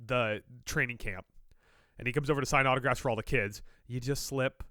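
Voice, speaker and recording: A man's voice: medium pitch, fairly even intonation, brisk, sharp tone, no echo, studio quality. A man co-hosting a sports podcast, joking and teasing in casual chat, a little stuffy from allergies. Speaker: podcast co-host.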